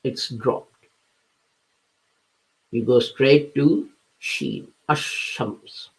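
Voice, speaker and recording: A man's voice: mid-range voice, slow pace, darkish tone, low-quality recording. A man giving a patient, step-by-step talk that explains scripture, with occasional hesitations and self-corrections. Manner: patient, step-by-step teaching with everyday examples. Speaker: religious lecturer.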